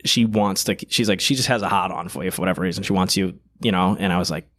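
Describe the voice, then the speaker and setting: A man's voice: low voice, fast talker. Young guy from boston cursing his way through a wild story, podcast guest. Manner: profane, animated storytelling with many fillers. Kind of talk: casual storytelling.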